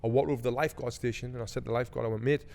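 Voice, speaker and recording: A man's voice: mid-range voice, steady tone, very fast, gravelly, a little mellow, big-room sound. A man, telling a story in a casual podcast chat, swearing freely and acting out quotes with heat. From England. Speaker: podcast host.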